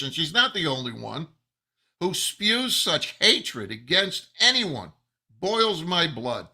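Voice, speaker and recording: A man giving an angry, emphatic monologue as a rabbi, slow and building to loud outbursts. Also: on the high side, sing-song, breathy edge. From United States. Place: New Jersey.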